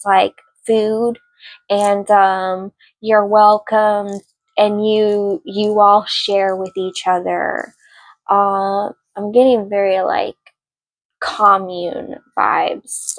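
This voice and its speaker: A young woman rambles through a tarot reading, chatty and loose, full of filler words. She talks at an unhurried, slow pace in a mid-pitched voice. The sound is dry and close, with no room echo. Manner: yells at barking dogs mid-reading. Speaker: tarot card reader. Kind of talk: casual tarot reading to camera.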